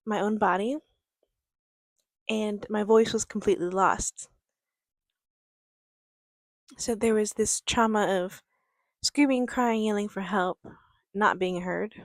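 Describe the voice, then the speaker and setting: Soft-spoken gentle woman life coach, dry sound. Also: mid-range voice, creaky, no echo. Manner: gentle, calm and quiet; unhurried, patient delivery. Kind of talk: reflective motivational talk to camera. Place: outdoors near a creek.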